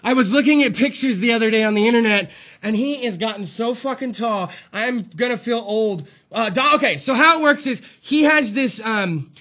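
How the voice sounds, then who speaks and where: Male host, very high and bright, excitable and crude, slightly out of breath. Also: normal speed. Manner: loud, crude, rambling and excitable. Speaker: podcast host. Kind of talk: comedic live-stream talk show.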